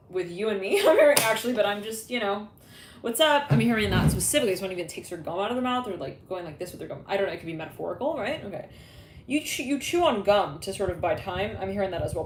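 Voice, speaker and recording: A woman's voice: medium pitch, echoey room, a little hiss or hum. A woman giving a casual tarot reading, rambling and laughing often as she acts out imagined conversations. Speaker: tarot reader.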